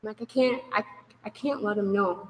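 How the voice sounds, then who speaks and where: A woman's voice: mid-range voice, normal speed. A woman giving a candid personal testimony to a group, wry at her own past and acting out the voices of others as she tells it. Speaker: speaker sharing a recovery story. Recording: echoey hall.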